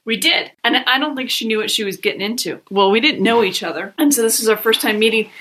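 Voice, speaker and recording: A woman's voice: a little high, fast, fairly bright tone. A woman co-hosting a podcast, chatting casually, telling stories and playfully arguing back. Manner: storytelling, protesting in mock disagreement. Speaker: podcast co-host. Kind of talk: casual chat.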